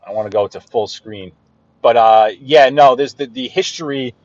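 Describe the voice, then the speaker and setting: Behind the wheel, this livestream host from Brooklyn, New York, talks loosely and chattily with his audience and a guest, picking up viewer comments as he drives. His mid-pitched, darkish voice moves at a moderate clip with no echo. Sound quality is flat, dry and low-fidelity.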